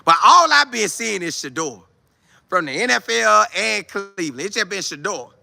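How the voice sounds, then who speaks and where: A man hosting a casual sports talk show, animated and slangy, acting out players' chatter. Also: high-pitched, normal speed, creaky.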